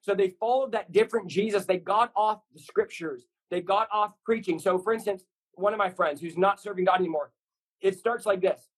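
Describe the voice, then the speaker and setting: A man preaching fervently as a podcast guest, his voice pitched high for a man and a little husky. He drives his point home in stacked, repeated short lines, with the insistent push of a sermon. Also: fairly quick, poor audio. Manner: intense, repetitive, builds lists of short punchy lines.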